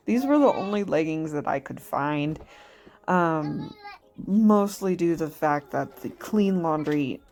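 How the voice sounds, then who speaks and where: A woman's voice: deep voice, lively intonation, slow pace, vocal fry, a little mellow. A woman in her thirties, a mother chatting casually over her video, rambling and laughing often at herself. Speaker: mother vlogger.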